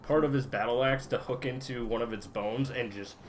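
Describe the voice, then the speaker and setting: A man playing a tabletop game, describing his character's actions slowly with many fillers. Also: medium pitch, a little hiss or hum. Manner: unhurried, full of fillers. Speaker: player.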